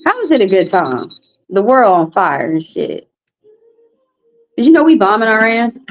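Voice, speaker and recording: A woman's voice: medium pitch, big pitch swings, normal speed, slight background noise, low-quality recording. A woman doing a casual livestream tarot card reading, talking bluntly and profanely with rambling asides.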